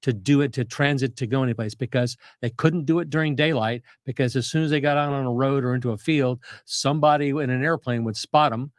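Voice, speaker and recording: An older man talks through history at length, circling back with restarts and fillers. His voice sits at an ordinary middle pitch, recorded dry and close with no room sound. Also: brisk, few pauses, no echo. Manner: detailed, rambling explanations with restarts and fillers. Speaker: guest historian, retired Navy captain. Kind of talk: conversational history explanation.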